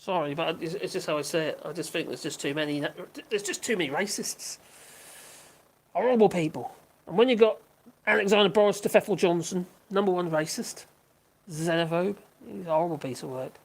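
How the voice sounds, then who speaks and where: Speaking fairly quickly in a lowish voice, an older woman chats casually on her livestream. She reads out comments from viewers and rambles along, with lots of giggles and false starts.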